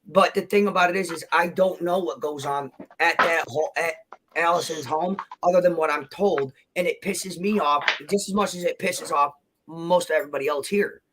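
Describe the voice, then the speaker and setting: A man's voice: fairly high pitch, normal speed, noisy background. A man on a livestream panel, answering questions defensively and emotionally, rambling and restarting as he talks. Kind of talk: heated livestream argument.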